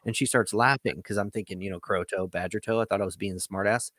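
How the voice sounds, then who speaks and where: A man's voice: on the low side, quick pace, a bit bright, a little hiss or hum. A man telling a rambling, profane story in a casual chat as a podcast host.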